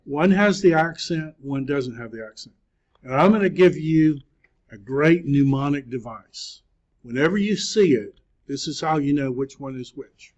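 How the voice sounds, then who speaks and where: A man teaching a Greek class, speaking patiently and encouragingly, with frequent pauses. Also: fairly high pitch, lively intonation, a little mellow. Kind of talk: classroom lecture. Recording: dull lo-fi classroom recording.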